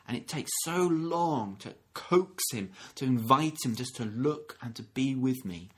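A man giving a gentle, reflective sermon, often restarting phrases and acting out short quotes. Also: mid-range voice, animated, unhurried, few pauses, slightly rough. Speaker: minister.

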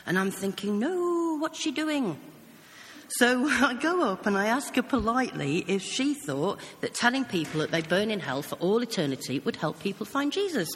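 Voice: medium pitch, big pitch swings, fairly quick, few pauses, fairly bright tone. A preacher with a British accent giving an earnest sermon, telling stories in a conversational way. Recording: long hall reverb.

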